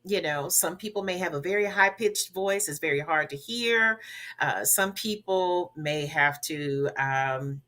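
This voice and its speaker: A woman's voice: low-pitched, unhurried, pushed and bright. A woman who grew up in the American South, a guest coach giving emphatic, instructive public speaking advice on a talk show, with only a faint Southern accent left. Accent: Southern US, softened. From Southern United States. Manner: emphatic, instructive, repeats key words.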